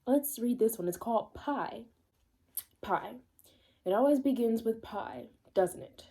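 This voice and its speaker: A woman's voice: a little high, animated, measured pace, mellow. A woman reading fan fiction aloud in a casual way, breaking off for chatty, self-mocking asides.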